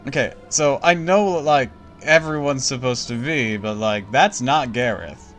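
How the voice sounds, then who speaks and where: A man streaming a game, commenting casually and excitably, swearing and laughing often. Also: mid-range voice, measured pace, faint music behind.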